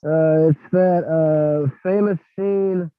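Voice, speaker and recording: A man's voice: a little high, fairly even intonation, slow, narrow, tinny audio. A man in his thirties playing as a contestant on a podcast quiz, hesitant and jokey. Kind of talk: casual chat.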